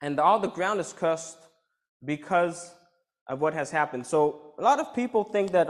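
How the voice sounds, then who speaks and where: A man's voice: on the high side, animated, normal speed. Man preaching a Bible sermon. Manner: explanatory, reads scripture then comments.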